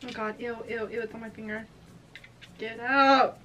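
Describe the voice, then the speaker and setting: A woman's voice: fairly high pitch, steady tone, normal speed, fairly bright tone, slight background noise. A young woman vlogger chatting casually, giggly and blunt, often saying "ew". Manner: giggly, blunt, says "ew" a lot. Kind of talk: casual chat.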